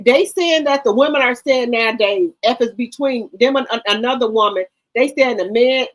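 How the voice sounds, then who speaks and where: An older woman with a drawl, talking sassy and blunt in casual gossip chat. She swears freely and repeats herself for emphasis, her voice sitting a touch high for a woman. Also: rough recording. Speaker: talk show host.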